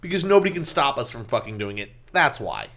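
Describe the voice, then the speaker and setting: Fast-talking profane podcast guy. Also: medium pitch, very animated, sharp tone. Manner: rapid, rambling, swears often. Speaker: podcast co-host. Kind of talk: casual banter.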